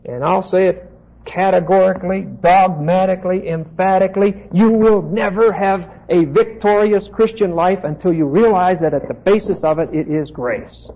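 This man's voice is high-pitched and moderately paced as he preaches from the Bible, emphatic and insistent, breaking off for asides to his listeners. It comes through on a dull, lo-fi tape recording.

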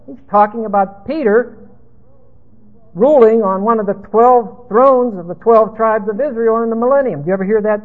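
Husky high-voiced male preacher. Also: moderate pace. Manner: emphatic, rambling teaching. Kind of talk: expository sermon. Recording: tinny phone-like sound.

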